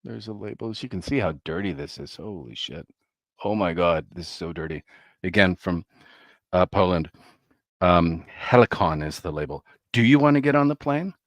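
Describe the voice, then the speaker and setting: A man chatting casually and excitedly about records he bought, telling a rambling travel story with laughs and swearing. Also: deep voice, normal speed, no room sound. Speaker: vinyl record collector vlogger.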